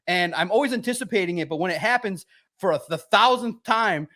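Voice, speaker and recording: A man guesting on a sports podcast, telling stories in an animated way and swearing freely. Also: sits high, brisk. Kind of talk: casual podcast chat.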